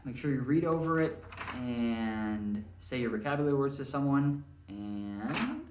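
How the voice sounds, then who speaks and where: A man teaching a lesson to his students, friendly and patient, checking in again and again with "all right?". His voice sits at a middle pitch. The recording sounds roomy, with the mic some distance away. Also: animated, a little slow, a little mellow, slight background noise.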